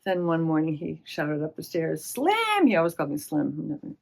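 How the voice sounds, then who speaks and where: A woman's voice: deep voice, little pitch movement, moderate pace, gravelly, darkish tone. A middle-aged woman telling stories in an oral history interview, acting out the voices of people she quotes. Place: public library.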